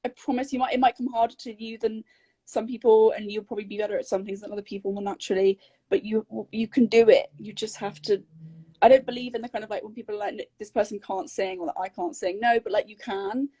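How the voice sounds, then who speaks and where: A woman's voice: fairly high pitch, flat delivery, fast talker, warm tone. A young woman, chatting casually as a guest vocal coach on a phone livestream, bubbly, rambling and self-mocking. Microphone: phone on a video livestream.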